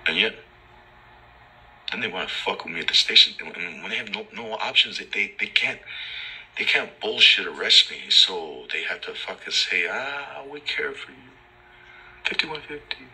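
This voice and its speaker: A man's voice: deep voice, normal speed, pushed and bright, slight background noise, poor audio. A man angrily recounting his own story in a profane rant, acting out what others said to him. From Los Angeles. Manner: ranting, profane, acts out officers' lines. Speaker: vlogger. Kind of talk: angry personal rant.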